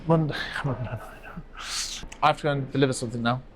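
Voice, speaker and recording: A man with a nasal, croaky voice that sounds like he has a cold, hosting a scrapyard vlog in quick, jokey casual chat outdoors. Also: mid-range voice, steady tone, slight background noise. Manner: fast-talking, jokey. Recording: music playing under the voice.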